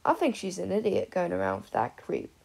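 A blunt, sharp-tongued teenage schoolgirl who puts the boys in their place, read by a woman. The voice is husky with a gravelly edge and a lively, wide-ranging pitch. Heard in an audiobook reading. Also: brisk, exaggerated voice. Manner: blunt, snappy.

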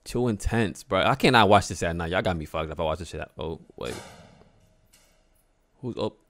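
Lively, jumpy young man reacting. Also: deep voice, normal speed, dry recording. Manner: excitable, nervous, swears freely. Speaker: host. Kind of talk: casual reaction commentary. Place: at home.

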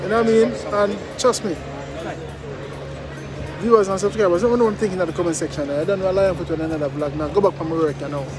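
A man's voice: high-pitched, fast talker, music in the background, crowd noise. A Jamaican man hosting a commentary vlog, speaking emphatically and repeating himself in patois-laced English. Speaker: vlogger.

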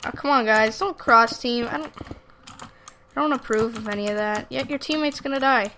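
A woman doing rambling, excitable gameplay commentary, chatting to viewers and heckling opponents. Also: fairly high pitch, moderate pace, a little hiss or hum. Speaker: gaming YouTuber.

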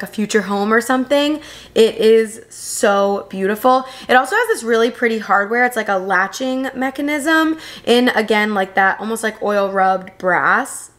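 A woman's voice: medium pitch, a bit bright. A young woman vlogger gushing over home decor pieces in a voice-over review, enthusiastic and chatty. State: new mother.

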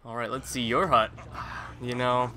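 A man's voice: mid-range voice, steady tone, measured pace, pushed and bright, a little hiss or hum. A man casually commentating his own gameplay, rambling with jokey self-mocking asides. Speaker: gaming YouTuber. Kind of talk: casual let's-play commentary.

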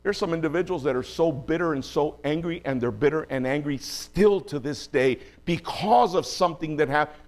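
A man preaching a sermon as pastor, moving from low, quiet asides to raised, pleading cries. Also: normal speed.

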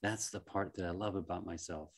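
A man working as a life coach, giving a gentle, reflective motivational talk with frequent soft chuckles and halting restarts. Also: sits low, steady tone, slightly rough.

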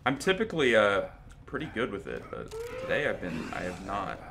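A young man talks through his gameplay live, excitable and loose with his swearing. His pitch swings widely as he reacts, and he often breaks into yelling. Loud game noise runs under his voice the whole time. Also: a little fast, vocal fry. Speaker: gaming commentator.

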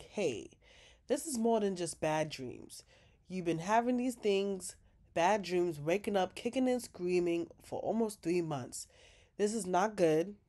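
A recap vlogger with a mellow, lowish voice gives a casual, chatty rundown of a TV episode. She retells scenes with quoted dialogue and throws in sassy asides.

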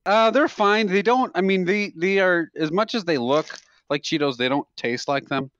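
A man co-hosting a podcast, telling stories in a casual, animated way and laughing often. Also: high voice, normal speed, no room sound, dull audio. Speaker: podcast co-host. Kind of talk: casual chat.

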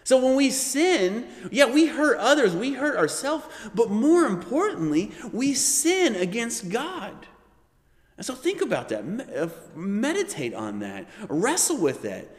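A man leading a Bible study, teaching with animated delivery and often checking in with "right?". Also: very high-pitched, unhurried, in a large hall. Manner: animated, acts out quoted voices, frequent "right?".

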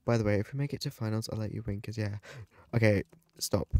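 A man's voice: on the low side, fast talker, darkish tone, no echo. A man giving live gaming commentary, dramatic and panicky, often exclaiming and laughing. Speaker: gaming video creator.

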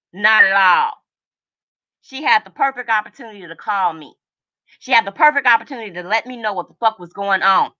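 A woman's voice: mid-range voice, pushed and bright, muffled recording. A middle-aged woman hosting a livestream, ranting in furious, profane confrontation, agitated and overheated, and repeating her lines for emphasis. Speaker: livestream host. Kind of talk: angry livestream rant.

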